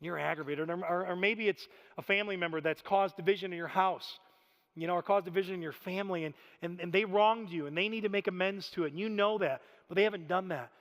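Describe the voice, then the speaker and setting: A man in his thirties preaching a sermon, telling stories in an animated, self-deprecating way with frequent laughter. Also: sits high, quick pace. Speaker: pastor. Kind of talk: storytelling sermon. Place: church sanctuary. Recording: reverberant church hall.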